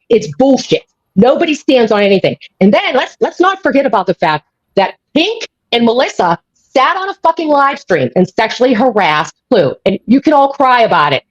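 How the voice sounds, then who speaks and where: A woman rants hard on a live stream, swearing and hammering the same points again and again. Her voice sits high and swings up and down a lot. The sound is dry and dull, like lo-fi audio. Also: no echo. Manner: angry, profane, repeats herself. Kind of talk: heated live-stream rant.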